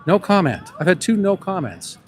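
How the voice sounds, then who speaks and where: A man's voice: high voice, sing-song, normal speed, slight background noise. A man interviewing passersby on a city street for his vlog, calling out the same question again and again. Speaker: street interviewer and animal rights activist. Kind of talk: street vox-pop vlog. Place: outdoors on a busy city street by a park.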